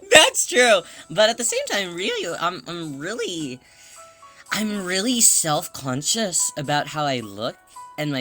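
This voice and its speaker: A man chatting casually on a livestream, rambling and self-conscious, greeting viewers as they arrive. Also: fairly high pitch. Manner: greets chat members warmly.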